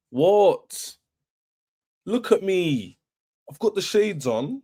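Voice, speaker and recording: A man's voice: high-pitched, sing-song, drawn-out words, long pauses, mellow. A young man hosting a football fan livestream, boastful and taunting, repeating himself as he rants. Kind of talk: livestream rant.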